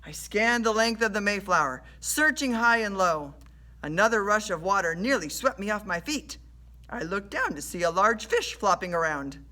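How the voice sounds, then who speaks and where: A woman reading a children's adventure story aloud in an animated storytelling way. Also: mid-range voice, normal speed. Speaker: storybook reader.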